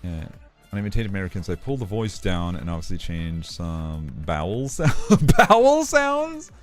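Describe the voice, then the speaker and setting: A man's voice: deep voice, brisk, a little mellow, faint music behind. A man streaming live and chatting casually, laughing often while reading chat aloud and swearing now and then. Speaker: streamer and animator.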